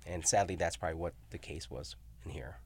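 This middle-aged professor, a university researcher, speaks briskly in a deep, darkish voice with a breathy edge. Telling stories in casual academic talk, he sprinkles in tag questions like "you know?" and "right?".

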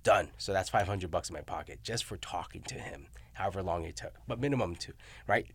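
Low-voiced middle-aged man telling stories. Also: lively intonation, brisk, slightly rough, no echo. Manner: rambling storyteller, tag questions like "you know?" and "right?". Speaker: university researcher and professor. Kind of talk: casual academic discussion.

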